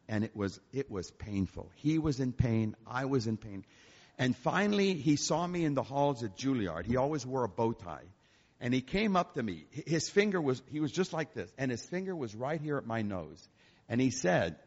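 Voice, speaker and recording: A man's voice: medium pitch, husky. An older man, a concert pianist, telling joking stories to an audience at a church. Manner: animated, joking storyteller. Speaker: concert pianist and guest speaker. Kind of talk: storytelling talk to an audience. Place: church hall. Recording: echoey hall, dull lo-fi sound.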